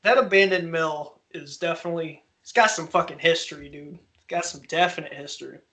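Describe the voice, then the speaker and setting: A man's voice: a little high, a little fast. A man hosting a podcast, telling a story in casual chat, swearing freely and laughing often as he goes. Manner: profane, laughing, animated storyteller. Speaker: podcast host.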